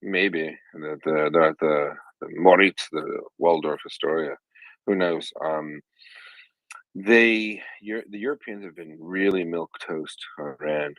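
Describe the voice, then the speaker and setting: Male host, very low voice, dry close mic, jokey panel-chat manner. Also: no echo, dull audio. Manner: joking, teasing, quick asides. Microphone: online audio room, own mic.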